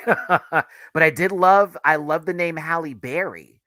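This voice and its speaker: A young man hosting a casual review video, talking in an animated, sassy way with frequent laughter. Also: a little high, unhurried, no echo. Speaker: reaction video host.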